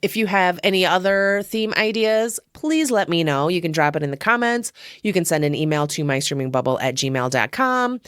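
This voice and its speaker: A woman's voice: fairly low pitch, animated, moderate pace, hardly any pauses, fairly bright tone, clean tone, no room sound, clean studio sound. A woman hosting her own podcast, giving a casual, rambling film review with frequent chuckles and self-deprecating asides. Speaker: podcast host.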